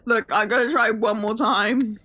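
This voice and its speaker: A woman playing in an online tabletop game, talking loudly and swearing freely in casual chat. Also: a little high, normal speed. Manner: loud, swearing, exasperated and animated. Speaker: player.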